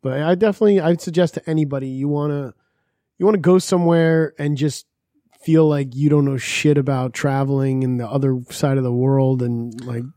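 A man's voice: medium pitch, steady tone, fairly quick, mellow, dry recording, studio quality. A man telling travel stories in loose, crude casual chat, laughing and swearing as he goes. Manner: storytelling, laughs often, swears freely.

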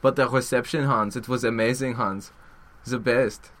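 A man's voice: mid-range voice, steady tone, moderate pace, fairly bright tone, lightly acted. A man voicing a German man telling a pointless joke in a put-on German accent, repeating his listener's name. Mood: chummy. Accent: fake German.

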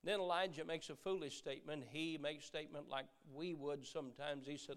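A middle-aged man preaching a sermon, earnest, repeating words as he goes and dropping from loud emphasis to a hush. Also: a little high, lively intonation, fairly quick, few pauses.

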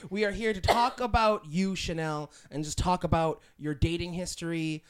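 A man's voice: high voice, steady tone, normal speed, smooth. A young man hosting a podcast, chatting casually with lots of fillers and restarts. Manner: rambling with many fillers and restarts. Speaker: podcast host. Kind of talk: casual interview chat.

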